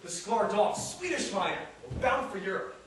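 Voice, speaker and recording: An actor playing a restless, witty out-of-work New York man in a stage monologue, rambling and animated, mimicking passers-by. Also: sits high, moderate pace. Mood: wistful. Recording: echoey room from far off, noisy.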